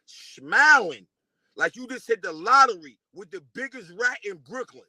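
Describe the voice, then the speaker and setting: A man's voice: very high-pitched, lively intonation, normal speed, sharp tone, no echo. A man from New delivering a casual, profane diss rant at a rival, taunting and repeating himself.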